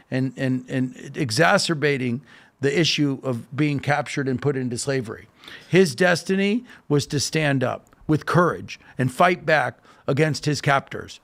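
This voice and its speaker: A man speaking as a podcast guest, telling a story with emphasis, often checking in with "okay?" and restarting with fillers. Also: fairly high pitch. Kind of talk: animated casual talk.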